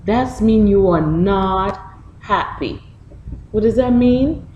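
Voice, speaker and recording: A woman with a Haitian accent reading a picture book to young children, explaining each word slowly and patiently in two languages. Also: medium pitch, lively intonation, a little mellow, reverberant, highs cut off, a little hiss or hum.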